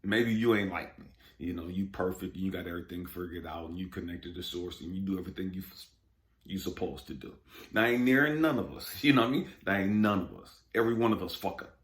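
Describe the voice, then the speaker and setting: A man's voice: low-pitched, fast talker, reverberant. A man giving a blunt, profane motivational talk on spirituality, speaking emphatically and turning often to the listener with laughs. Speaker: spiritual vlogger.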